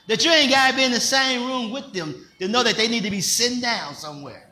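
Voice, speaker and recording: High, bright-voiced preacher in an echoey room. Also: male voice, expressive, moderate pace. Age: older. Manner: conversational preaching, rising to shouts. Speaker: pastor. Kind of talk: sermon.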